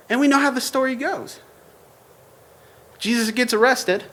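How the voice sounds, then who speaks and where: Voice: mid-range voice, normal speed, pauses often, a bit bright. A young adult preacher giving a casual sermon with a slangy, joking delivery. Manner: informal and joking, slangy asides. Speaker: church preacher.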